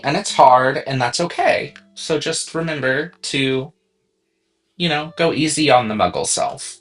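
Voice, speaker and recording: Slow, rambling tipsy man. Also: mid-range voice. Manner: rambling, full of "you know what I mean". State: tipsy from drinking. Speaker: tarot reader co-host. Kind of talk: casual livestream chat.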